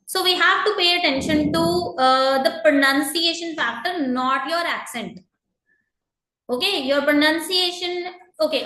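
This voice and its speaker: A woman's voice: high-pitched, sharp tone, echoey room. A woman teaching an exam-prep lesson, explaining patiently to students with frequent fillers and repeated reminders. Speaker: IELTS teacher.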